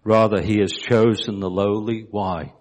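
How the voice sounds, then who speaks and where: A man's voice: fairly low pitch, steady tone, a little slow. A man preaching a sermon, asking his listeners rhetorical questions. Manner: asks the congregation rhetorical questions.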